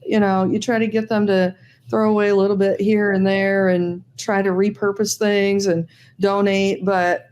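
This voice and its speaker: Female host, mid pitch, conversational questions. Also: little pitch movement, moderate pace, darkish tone. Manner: brief encouraging backchannels. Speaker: interview host. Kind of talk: casual interview.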